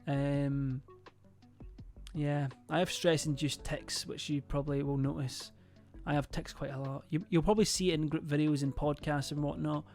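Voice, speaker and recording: A man's voice: a little high, steady tone, moderate pace, a little mellow, soft background music. Young man, rambling stream chat. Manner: rambling and hesitant, full of fillers and swearing.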